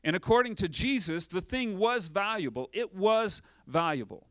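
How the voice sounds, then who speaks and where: A male pastor preaches with energy, firing off rhetorical questions and acting out short scenes. His voice sits a little high for a man. The sound is dry and close, with no room echo. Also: lively intonation, normal speed, fairly bright tone. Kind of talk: sermon.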